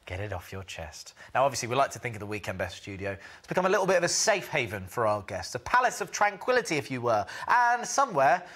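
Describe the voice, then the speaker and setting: Fast, bright-voiced male TV co-host. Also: medium pitch. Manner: quick, jokey, animated. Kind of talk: TV presenting and banter. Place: TV studio.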